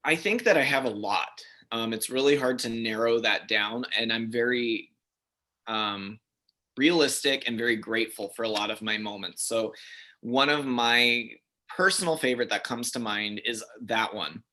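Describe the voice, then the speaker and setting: A man in his thirties, an interview guest, telling stories in a chatty, animated way with many fillers. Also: medium pitch, moderate pace. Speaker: interview guest, figure skater. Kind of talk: casual interview storytelling.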